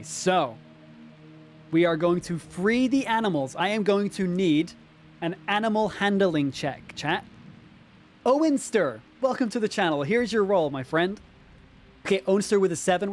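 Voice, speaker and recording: Lively male game master narrating. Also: high-pitched, moderate pace, faint music behind. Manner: lively, addresses chat directly, frequent fillers. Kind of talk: narrating a tabletop game on a live stream.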